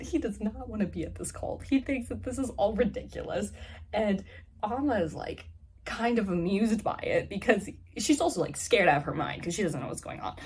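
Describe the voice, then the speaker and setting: A woman's voice: medium pitch, darkish tone, slight background noise. A woman casually recapping a fantasy novel's plot, rambling with lots of "like" fillers. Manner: rambling, heavy use of "like" fillers. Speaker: book reviewer.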